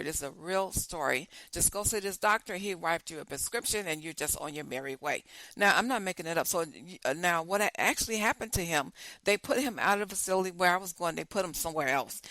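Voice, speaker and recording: A woman's voice: fairly low pitch, sharp tone, no echo, low-quality recording. A woman hosting a talk show, musing aloud with lots of repeated questions and restarts. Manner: repetitive, questioning, rambling with many restarts. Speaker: host. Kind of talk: casual talk show monologue.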